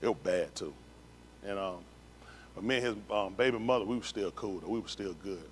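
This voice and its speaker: A man's fairly low voice moves briskly over a faint hiss or hum as he testifies to a congregation via synagogue livestream. He repeats himself and speaks plainly in street slang, with emphatic storytelling.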